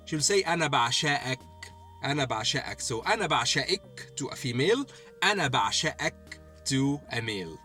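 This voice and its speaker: Male teacher, lively higher voice, soft music behind, repeats phrases. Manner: repeats phrases slowly, often asks "okay?". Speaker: Arabic teacher. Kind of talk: language lesson.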